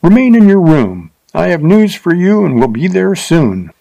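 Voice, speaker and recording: A man's voice: high-pitched, sing-song, moderate pace, vocal fry, dark tone, dull audio, voice pushed up, exaggerated voice. A man voicing a cheerful rider calling out news in a Western storybook.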